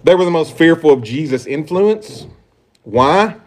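Male preacher, sermon, emphatic, rhetorical questions, slightly high voice. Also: expressive, a little slow. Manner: emphatic, rhetorical questions, shifting pitch and volume. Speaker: pastor.

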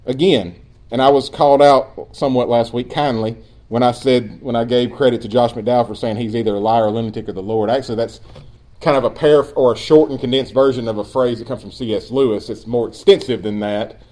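A man preaching a sermon as pastor, earnest and emphatic, dropping at times into quiet asides. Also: mid-range voice, fairly even intonation, a little fast.

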